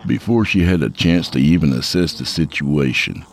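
A man narrating a horror story in a measured, dark storytelling manner. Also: extremely low pitch, animated, vocal fry. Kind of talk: scripted narration.

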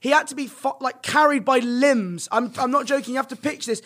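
A young man with a notably high-pitched voice, chatting on a podcast. He rambles through his stories with lots of fillers and restarts, always animated and conversational. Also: a little fast. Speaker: podcast guest, streamer. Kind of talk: casual storytelling chat.

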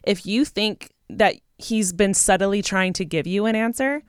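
A woman's voice: medium pitch, a little slow, clear, resonant tone, no room sound, studio quality. A young woman co-hosting a podcast, giving direct and encouraging advice in casual chat. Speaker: podcast co-host.

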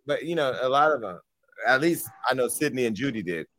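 A man's voice: mid-range voice, animated, a little fast, a bit bright. A man hosting a talk show, chatting casually and rambling, with many fillers and restarts. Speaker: show host.

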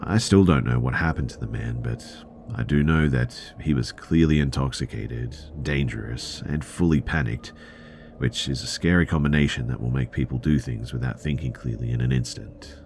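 A man narrating a tense first-person story in a measured storytelling voice. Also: extremely low pitch, a little mellow, slight background noise.

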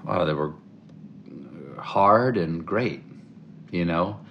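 A middle-aged man from the American South, a guest in an interview, telling animated stories and acting out the voices he quotes. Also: sits low, very slow, dull audio, a little hiss or hum. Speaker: interview guest, comedic actor. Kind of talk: casual interview storytelling.

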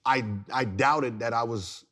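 A man in his thirties, a former pro basketball player, telling stories on a podcast in a casual, slangy way that turns loud and laughing. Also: medium pitch, unhurried. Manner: animated, slangy, repeats words, gets loud and laughs while telling stories. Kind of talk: casual storytelling.

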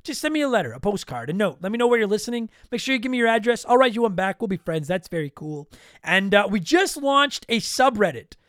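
A man's voice: extremely high pitch, big pitch swings, a bit bright, no echo, studio quality. A man hosting a podcast, casually joking and rattling off a long list of patron names while his voice is tired and worn. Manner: joking, self-deprecating, rapid list reading. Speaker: podcast host.

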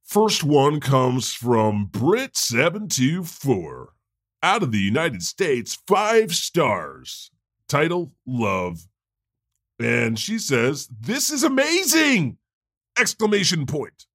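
A man's voice: medium pitch, no room sound, clean studio sound, exaggerated voice. A man playing God, a chatty male deity who hosts an improvised comedy podcast. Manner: conversational, quick to laugh, animated. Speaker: host.

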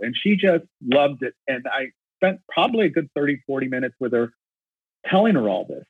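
Husky man on a tinny phone line. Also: mid-range voice, lively intonation, fairly quick, no room sound. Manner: eager, talkative, repeats and restarts words. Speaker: concert photographer. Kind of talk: storytelling in an interview. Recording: dry, narrow phone-like line.

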